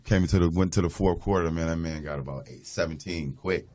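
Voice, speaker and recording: A former basketball player telling an expressive story. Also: male voice, low-pitched, fast talker, crowd noise. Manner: lively, expressive anecdote telling. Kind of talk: storytelling in a clip.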